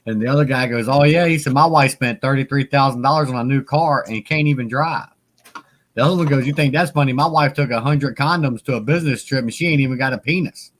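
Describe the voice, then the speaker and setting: A man's voice: medium pitch, fast. A man hosting a casual chat, joking around with crude humor and laughing often. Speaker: host.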